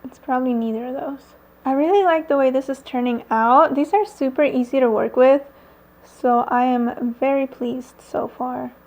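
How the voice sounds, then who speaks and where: A woman's voice: high-pitched, steady tone, moderate pace, darkish tone, lo-fi sound. A woman talking through a casual makeup tutorial at home, chatty, with lots of fillers and little laughs. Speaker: beauty vlogger. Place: home, airplanes passing nearby.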